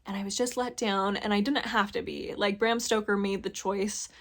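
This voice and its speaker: A woman's voice: medium pitch, fairly even intonation, moderate pace, fairly bright tone. A young woman reviewing a book in a casual, rambling chat, frank and full of filler words.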